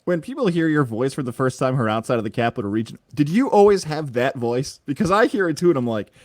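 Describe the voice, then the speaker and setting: Quick-talking male podcast interviewer. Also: mid-range voice, expressive, no echo, studio quality. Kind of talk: casual interview.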